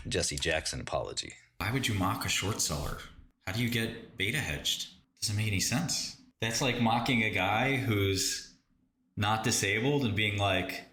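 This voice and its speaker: A man's voice: on the low side, normal speed, sharp tone, a little hiss or hum. A man hosting a casual livestream, mocking chat with sarcastic riffs and bursts of laughter. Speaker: livestream host.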